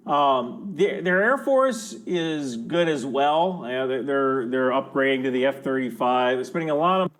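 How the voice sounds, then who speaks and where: A man's voice: medium pitch, expressive, a little slow, few pauses, fairly bright tone. A man giving casual commentary as a military analyst in a clip from another video, talking loosely with fillers and restarts.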